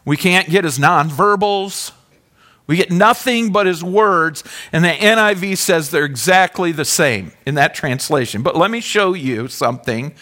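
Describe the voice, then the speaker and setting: A man preaching a sermon, swinging from loud questions to hushed, almost whispered passages and calling on the congregation to answer. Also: on the high side, animated, unhurried. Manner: asks the congregation questions, calls for responses. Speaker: pastor.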